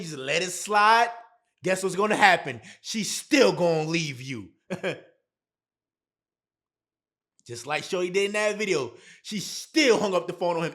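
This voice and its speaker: Blunt high-voiced man giving dating advice. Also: a bit bright. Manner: blunt, emphatic, repeats points. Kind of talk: casual talk to camera.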